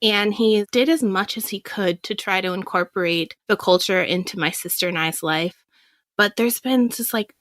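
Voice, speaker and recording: A woman in her thirties from Washington State, USA, is a guest on a podcast, her mid-range voice captured in a dry, clean studio recording. She tells candid personal stories in a lively way, acting out what people said and laughing often.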